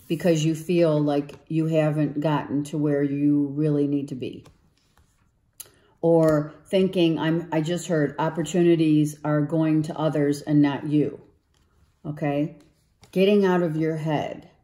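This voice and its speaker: A woman giving a spiritual tarot reading, coaxing her listener and often checking in with "okay" and "right", her voice going hoarse. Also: deep voice, fairly even intonation, unhurried, dark tone, reverberant. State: losing her voice. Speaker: tarot reader.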